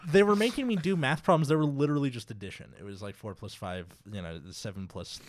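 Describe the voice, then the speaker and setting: Male comedian guest, dry rambling delivery, average pitch. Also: quick pace, a little hiss or hum. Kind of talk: casual chat.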